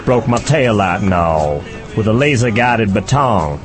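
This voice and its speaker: A man's voice: on the low side, animated, measured pace, music in the background. A man doing a grumbling small-town sheriff. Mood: aggrieved. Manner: aggrieved storytelling.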